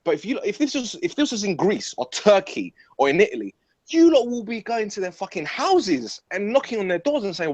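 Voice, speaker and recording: A young man arguing about football in a blunt, animated, sweary way, repeating himself as he talks. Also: high voice, a little fast, no echo. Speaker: football fan pundit. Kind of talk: heated casual football debate. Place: his mum's house. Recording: dull, muffled audio.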